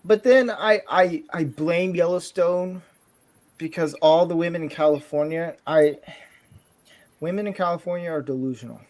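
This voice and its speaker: A man with a fairly high speaking voice tells stories in loose casual chat. He rambles and jokes, often breaking off his own sentences. He sounds relaxed and unscripted. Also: moderate pace. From southern Florida. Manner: rambling, joking, self-interrupting. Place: California home.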